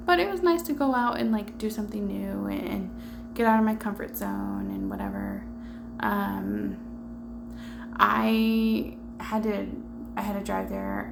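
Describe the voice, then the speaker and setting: Tired young woman, gravelly rambling chat. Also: medium pitch, noisy background. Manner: rambling, candid, swears, many fillers and restarts. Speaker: vlogger. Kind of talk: casual chat to camera.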